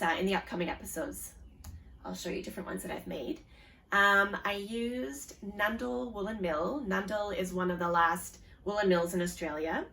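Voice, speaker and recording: A woman's voice: mid-range voice, gravelly, fairly bright tone, distant mic, a little hiss or hum. A woman in her forties with a Canadian accent, hosting a knitting podcast in a casual show-and-tell chat, with lots of ums. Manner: chatty, with frequent ums and restarts.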